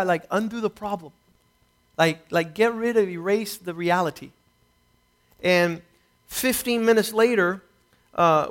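A middle-aged man preaching a sermon, telling a personal testimony and swinging between quiet reflection and rising intensity. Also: high voice.

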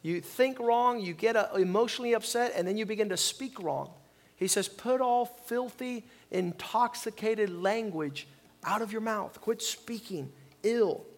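A man preaching a sermon as pastor, calling on the congregation to repeat lines and swinging from quiet reflection to loud emphasis. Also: high-pitched, unhurried. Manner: preaching with call-and-response, swings from soft to loud.

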